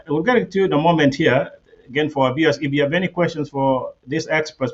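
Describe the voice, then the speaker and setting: Male panel moderator, mid pitch, steady and inviting, muffled lo-fi recording. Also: husky. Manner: steady, inviting, uses fillers. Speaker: host. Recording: dull lo-fi audio.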